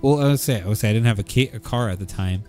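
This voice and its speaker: A man with a fairly low voice tells a story on a casual podcast, talking in a lively, animated way. He acts out what other people said as he goes. Faint music plays underneath. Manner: animated, quick storyteller who acts out quotes. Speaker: podcast host.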